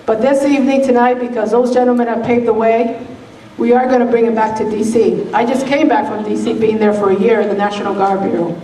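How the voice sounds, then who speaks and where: Woman in her 40s, veteran officer, emphatic gala speech, slightly high voice, distant mic in a roomy hall. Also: steady tone, brisk, mellow. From Springfield, Massachusetts, USA. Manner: earnest, emphatic, repeats phrases for weight. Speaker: Army officer and combat veteran giving a speech. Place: large banquet hall. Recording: echoey hall, voice from far off, faint noise.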